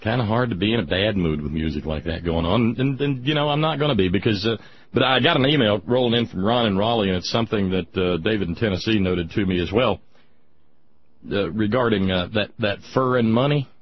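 A male talk radio host riffs on politics in a rambling, sardonic way and often restarts his sentences. His voice is low and husky. The broadcast sound is dull and lo-fi. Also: fairly quick.

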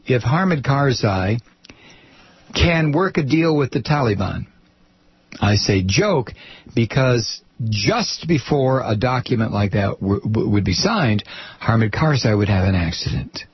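A man's voice: medium pitch, expressive, unhurried, husky, no echo, highs cut off. A man hosting his own program, delivering a blunt, sarcastic, rambling political commentary monologue.

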